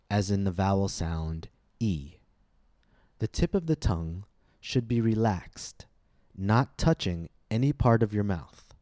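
A man hosting a scripted pronunciation lesson, speaking slowly and deliberately with careful articulation. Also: on the low side, mellow, dry recording, studio quality. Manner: slow, deliberate, clearly articulated instruction. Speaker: host, pronunciation teacher.

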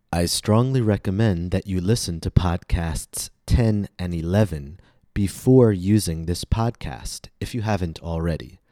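A man with an American accent hosting a pronunciation podcast, reading a scripted lesson slowly and with careful enunciation. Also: sits low, mellow, dry recording, clean studio sound. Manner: slow, carefully enunciated teaching delivery.

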